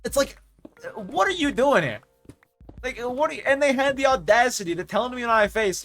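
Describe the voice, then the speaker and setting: A man's voice: extremely high pitch, expressive, moderate pace, fairly bright tone. A young man streamer in casual chat, ranting in exasperation and swearing freely as he mimics the people he talks about.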